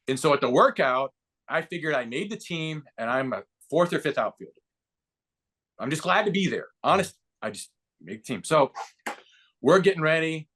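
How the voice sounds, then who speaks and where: Man, 50s, podcast guest, storytelling, middle pitch, animated quotes. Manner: lively anecdote-telling with voiced quotes and rising excitement. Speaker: podcast guest, baseball broadcaster and former player. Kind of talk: casual storytelling interview.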